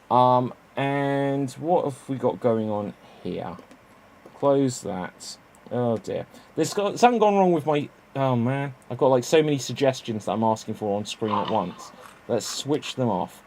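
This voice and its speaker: A man hosting an improv game over a stream, laying out the rules and reading audience suggestions. He talks in a loose, chatty way and laughs off his own mistakes. His pitch sits in an ordinary middle range. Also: darkish tone, slight background noise. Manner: chatty, self-correcting, laughs at own slips. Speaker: improv show host.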